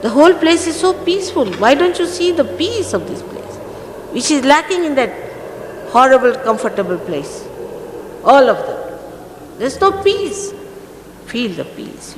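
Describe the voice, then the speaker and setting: Stern woman teacher, echoey old recording. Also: high voice. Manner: stern and admonishing, emphatic. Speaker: spiritual teacher. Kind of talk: scolding spiritual talk to followers. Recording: echoey archive recording from a hall, faint noise.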